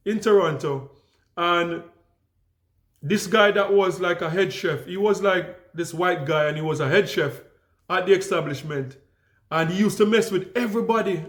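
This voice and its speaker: Calm Jamaican man, echoey room. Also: high-pitched. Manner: calm, easygoing, frequent restarts and fillers. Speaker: vlogger. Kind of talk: casual storytelling to camera.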